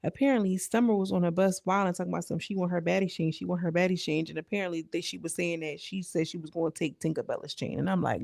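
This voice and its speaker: A young woman talks through a reality episode in loose, slang-filled chat, stopping often to check that the listener follows. Her voice has a gravelly, frying edge. The sound is close and dry, with no room around it. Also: lowish voice, fast, few pauses, darkish tone, dry recording. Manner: chatty, slangy, retells scenes with lots of asides. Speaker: reality show recap commentator. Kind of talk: casual recap chat.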